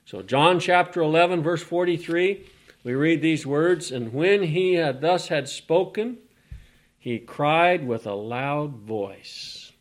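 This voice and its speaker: A man preaching a sermon, reading scripture and building from hushed words to loud repeated phrases. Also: fairly high pitch, slow pace.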